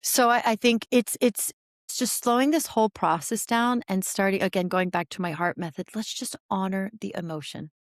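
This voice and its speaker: A woman in her forties, a therapist talking as a podcast guest, explaining with animated energy and frequent restarts. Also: mid-range voice, moderate pace, no room sound, clean studio sound. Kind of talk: podcast interview conversation.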